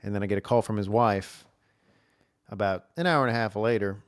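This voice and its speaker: A man's voice: fairly low pitch, normal speed, dry recording, studio quality. A man hosting a solo podcast, telling stories in a rambling way with lots of fillers and restarts. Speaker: podcast host. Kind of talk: casual solo podcast monologue. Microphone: camera recording at a desk.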